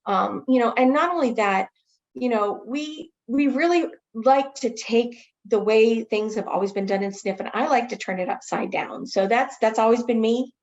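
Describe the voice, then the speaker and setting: A woman training others in infection prevention, answering a webinar question as an enthusiastic, animated storyteller. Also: a little high, moderate pace, lo-fi sound.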